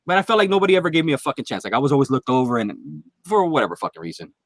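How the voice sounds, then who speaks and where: A man's voice: medium pitch, big pitch swings, racing, no echo. A man guest on a podcast, telling a long, profanity-heavy story in casual chat. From Philadelphia area.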